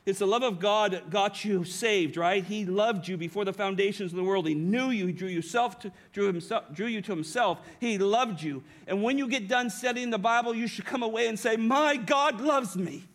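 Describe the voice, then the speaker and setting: A pastor preaching a sermon to his congregation, emphatic, often tagging lines with a rhetorical "right?" and slowing down on key phrases. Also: high-pitched. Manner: varies pace and volume, slowing on key phrases. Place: church sanctuary.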